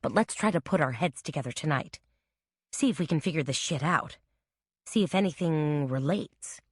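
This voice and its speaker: A woman's voice: sits low, lively intonation, moderate pace, breathy edge. A woman doing brash drawling New Orleans gal. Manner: quiet drawl. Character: sleepy, brash Southern woman, shop owner.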